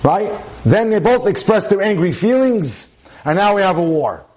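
Male rabbi, fairly high-pitched, giving a Torah class on relationships in an emphatic style. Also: very animated, normal speed, darkish tone. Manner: emphatic, repeats phrases for stress, drops in Hebrew terms. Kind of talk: relationship lecture.

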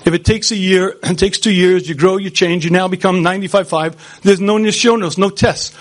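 Animated man giving a Torah lecture. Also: high voice, fairly quick, few pauses. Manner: animated, rhetorical, addresses audience directly.

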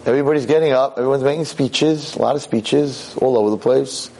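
A man giving a Torah lecture as a rabbi, impassioned, dropping low and grave then rising into sharp outbursts. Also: a little fast, gravelly, slight background noise.

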